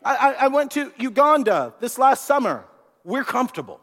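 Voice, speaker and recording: A man preaching a sermon in an animated way, repeating words and asking the congregation questions. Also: very high-pitched, normal speed. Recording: long hall reverb.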